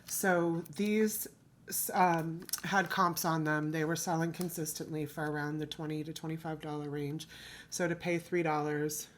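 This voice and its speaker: Woman from the US, low-ish voice, rambling haul vlogger, faint room hum behind. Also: level tone, unhurried. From United States. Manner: chatty, rambling, self-correcting. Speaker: thrift reseller vlogger. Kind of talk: casual haul chat.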